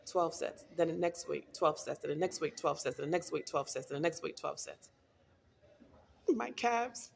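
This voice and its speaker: Middle-aged woman vlogger, gravelly low voice, casual storytelling delivery. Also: slight background noise. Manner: chatty, storytelling, laughs often. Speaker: wellness vlogger. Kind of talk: casual talk to camera.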